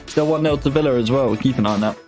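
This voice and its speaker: A man's voice: mid-range voice, quick pace, a little mellow. A young man talks into a desk mic at home while hosting a live football watch-along. He keeps up a loose, slangy banter and reads out his viewers' comments. Faint music plays underneath. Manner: chatty slangy banter with chat, reading comments aloud. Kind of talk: casual live-stream chat.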